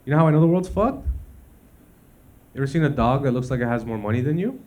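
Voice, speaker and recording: A man's voice: mid-range voice, lively intonation, fast, background noise. A man from Canada performing a stand-up comedy set, loose and conversational, leaning on "you know" between lines. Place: comedy club stage. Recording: live club recording with crowd. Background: audience laughter.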